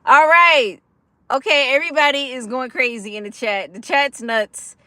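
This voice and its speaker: Bright-voiced, giggly woman livestreaming. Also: sits high, moderate pace, no room sound. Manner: energetic and giggly, laughs often between sentences; chatty, with frequent fillers like "like" and "y'all". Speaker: livestream host of a gambling recovery channel. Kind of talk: casual livestream chat, reading and answering comments.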